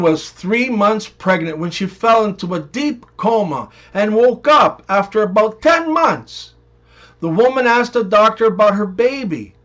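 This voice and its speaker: A high-voiced man narrates one-liners and joke stories in an even, unhurried manner. The recording sounds dull and muffled.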